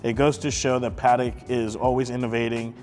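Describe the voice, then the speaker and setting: A man's voice: medium pitch, level tone, fairly quick, darkish tone. A man, a watch dealer, showing off a luxury watch in an emphatic, enthusiastic showcase, repeating phrases for effect. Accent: Texas.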